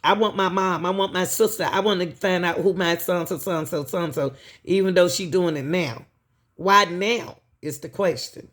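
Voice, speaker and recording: A woman's voice: lowish voice, normal speed, fairly bright tone. A woman host giving emphatic commentary to her viewers, repeating herself and asking pointed questions.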